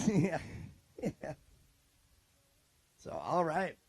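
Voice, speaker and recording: A man's voice: on the high side, sing-song, drawn-out words, creaky, slightly rough, dry recording. A man doing live trackside announcing at an outdoor race, joking and chatting with drivers and crews into a handheld mic.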